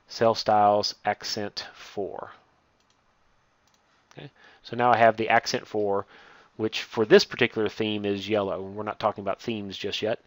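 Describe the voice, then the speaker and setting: A man teaching a step-by-step software lesson, reading each instruction aloud and then explaining it as he works on screen. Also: on the low side, no echo. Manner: reads steps aloud, then explains while clicking. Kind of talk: software tutorial walkthrough.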